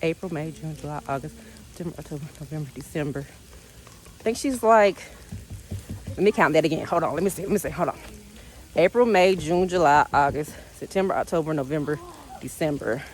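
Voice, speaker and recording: A woman vlogs to the camera about her dogs, chatty and animated, saying "y'all" and narrating how her dogs react. Her voice is deep, and she talks fairly quickly with long pauses.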